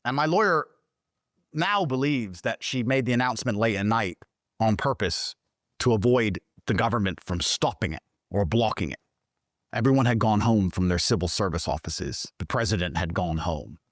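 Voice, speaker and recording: A man telling a story as an interview guest, swearing constantly and talking with animated, emphatic energy, his voice jumping higher when he gets excited. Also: moderate pace, dry recording, studio quality. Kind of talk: profane storytelling in conversation.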